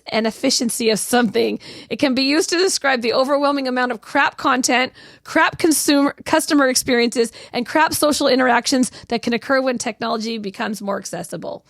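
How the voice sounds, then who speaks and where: A woman co-hosting a morning show, chatting casually and reacting quickly with giggles. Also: high voice, a bit bright, no room sound, studio quality. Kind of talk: casual morning radio banter.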